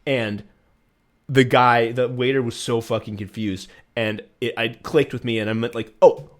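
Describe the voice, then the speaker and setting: A man's voice: medium pitch, level tone, moderate pace, fairly bright tone. A man co-hosting a podcast, telling a travel story in a rambling, profane way with lots of fillers. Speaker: podcast co-host.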